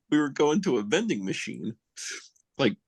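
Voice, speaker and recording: A man's voice: fairly high pitch, sing-song, unhurried, darkish tone. A man, a guest musician, chatting casually on a podcast and telling joking, teasing stories.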